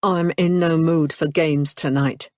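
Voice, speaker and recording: A woman's voice: low voice, fairly even intonation, unhurried, darkish tone, dry recording, studio quality. A woman voicing a curt, suspicious young nobleman with a clipped, growling manner. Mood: cold.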